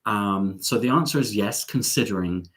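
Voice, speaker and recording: A man's voice: fairly low pitch, normal speed, fairly bright tone. A middle-aged man hosting a live stream, chatting casually as he reads out viewer comments, with sarcastic, self-mocking asides and lots of ums.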